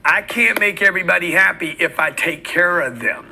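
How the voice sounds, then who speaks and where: Male sales trainer, slightly high and very bright, husky edge; blunt, emphatic, mimics quotes. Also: normal speed, low-quality recording. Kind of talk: motivational sales talk.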